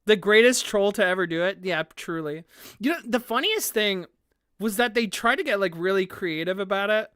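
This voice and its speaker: A woman's voice: medium pitch, animated, normal speed, fairly bright tone, clean tone, no echo, clean studio sound. A woman streamer chatting casually on a live stream, rambling with lots of "like" fillers and frequent laughter.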